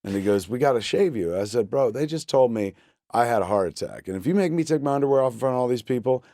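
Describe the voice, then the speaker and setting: A man's voice: medium pitch, quick pace, no room sound. A man in his forties spins a comic story as a talk-show guest, slipping into the voices of everyone he quotes. His voice sits in a middle register and sounds close and dry, with no room around it. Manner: animated, acts out every quoted person.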